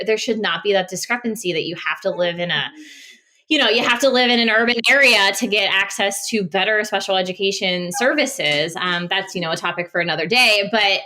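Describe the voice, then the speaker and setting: Bright-voiced woman, passionate guest. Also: mid-range voice. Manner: earnest, passionate, many restarts and fillers. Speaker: guest, speech-language pathologist. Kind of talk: casual podcast interview.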